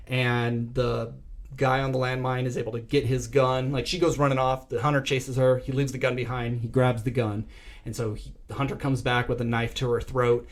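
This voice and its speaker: A man hosting a podcast, casually recapping a film's plot with animated storytelling, swearing and acting out quoted lines. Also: medium pitch, moderate pace. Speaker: podcast host.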